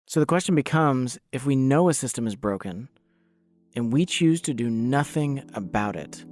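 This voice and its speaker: A podcast host narrating calmly and reflectively. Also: male voice, mid-range voice, normal speed, dry recording. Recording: narration over clear music.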